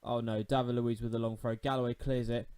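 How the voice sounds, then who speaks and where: A man commentating his own football management game for his channel, talking nervously and shouting out at big moments. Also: mid-range voice, little pitch movement, brisk, smooth. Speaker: gaming YouTuber. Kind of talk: let's-play commentary.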